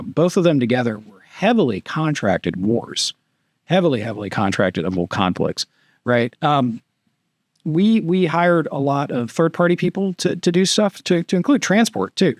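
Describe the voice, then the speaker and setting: A man's voice: mid-range voice, very animated, normal speed, dry recording, studio quality. A man, a retired army captain and guest, telling long rambling war anecdotes in a casual podcast interview, padding with fillers. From United States. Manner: rambling anecdotes padded with "too" and "and everything".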